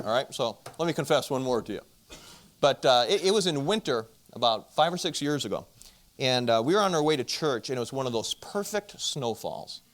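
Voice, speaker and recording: A man speaking at a marriage conference, telling a self-deprecating story and addressing the audience with direct questions, his volume swinging from loud to hushed. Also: mid-range voice. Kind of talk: storytelling Christian talk.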